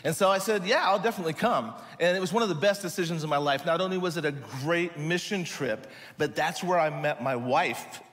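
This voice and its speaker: A man with a slightly high voice tells a funny story from the pulpit, animated and full of jokes. His voice carries a long reverb, as if spoken in a big hall. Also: fairly quick, few pauses. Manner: animated, joking, lively storytelling. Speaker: speaker telling a mission trip story. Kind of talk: humorous sermon storytelling.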